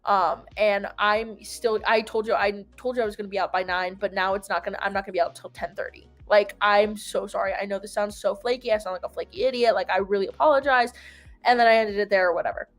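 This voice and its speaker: A woman's voice: medium pitch, steady tone, fast talker, faint music behind. A young adult woman telling a long story in casual chat, rambling and peppered with "like". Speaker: host.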